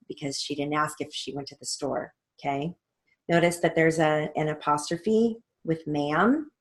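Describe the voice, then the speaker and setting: A woman's voice: lowish voice, a little slow. Woman methodically teaching punctuation. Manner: methodical, reads transcript aloud naming each punctuation mark. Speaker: court reporting instructor. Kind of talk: recorded theory lesson walkthrough.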